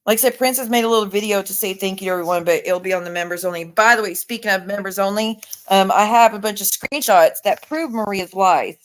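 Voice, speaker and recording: A woman's voice: mid-range voice, quick pace, hardly any pauses. A woman in her forties chatting casually on her livestream, reading viewer comments aloud and talking back to them. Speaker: livestream host.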